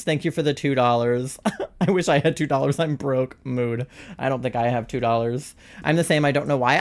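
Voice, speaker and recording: A young adult live streamer telling a story to chat in a casual way, using "like" a lot and laughing often. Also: mid-range voice. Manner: chatty, heavy use of "like", frequent laughter.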